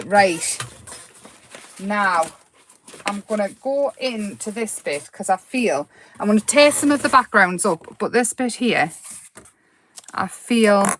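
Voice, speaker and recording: A woman hosting a chatty crafting tutorial, rambling and giggling and easily excited as she explains her steps. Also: mid-range voice, slight background noise.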